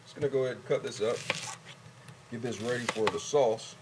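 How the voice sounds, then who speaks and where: A man's voice: mid-range voice, brisk, heavy background noise. A man casually narrating each step as he cooks a meal, talking the viewer through what he is doing. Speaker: home cooking vlogger. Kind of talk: casual cooking demonstration. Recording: loud kitchen clatter behind. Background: dishes, pots and cutlery clattering.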